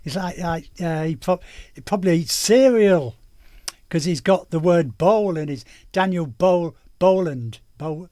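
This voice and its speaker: A man's voice: on the high side, a little slow, few pauses, darkish tone, no echo, studio quality. A man hosting a reaction video, talking in a mocking, rambling way with lots of fillers. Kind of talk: casual sarcastic commentary.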